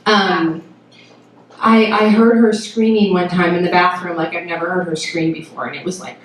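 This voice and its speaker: A woman's voice: fairly low pitch, steady tone, moderate pace. Profane, jokey woman in an echoey venue. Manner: profane, frank and jokey, laughs often. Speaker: storyteller at a live show. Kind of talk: comic personal storytelling. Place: live storytelling stage before an audience. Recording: very echoey venue, distant mic, noisy.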